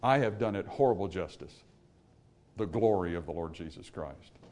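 A man preaching a sermon to a congregation, swinging from hushed, low passages to loud, emphatic ones and asking rhetorical questions. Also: expressive, moderate pace.

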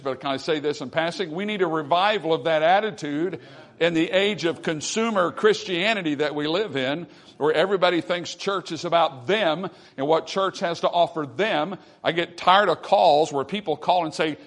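A preaching man, fairly high pitch. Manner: rising to emphatic, forceful peaks; reads scripture aloud slowly. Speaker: pastor. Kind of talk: sermon. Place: church.

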